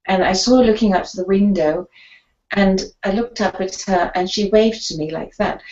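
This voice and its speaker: An older woman sits as a guest and tells stories from her career as a sports photographer. She speaks in an animated way, slipping into the voices of the people she quotes. The audio is slightly dull and muffled. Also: mid-range voice. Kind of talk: storytelling interview.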